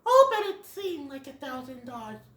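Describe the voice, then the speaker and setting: A fan reviewer voicing a sweet young female fawn in a soft, high voice, in a roomy space. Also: sing-song, normal speed. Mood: dreamy. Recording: roomy echo.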